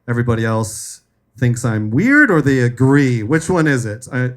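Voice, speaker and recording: A man's voice: mid-range voice, very animated, moderate pace. A young man hosting a live comedy show, joking loosely, swearing and laughing at his own stories. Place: live venue with audience.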